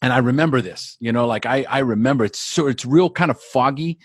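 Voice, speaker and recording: Man, podcast guest, earnest storyteller, mid pitch, dry close sound. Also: fairly quick, breathy edge, dry recording. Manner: earnest, repeats words while building a story. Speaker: podcast guest, life coach. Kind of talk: personal storytelling.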